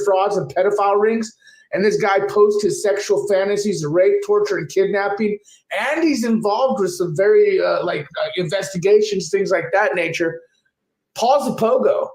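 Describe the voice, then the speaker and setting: A man's voice: high-pitched, moderate pace. A man hosting his channel, ranting angrily and profanely at a rival. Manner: angry, profane, accusatory. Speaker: channel host. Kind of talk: ranting commentary. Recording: echoey room with faint noise.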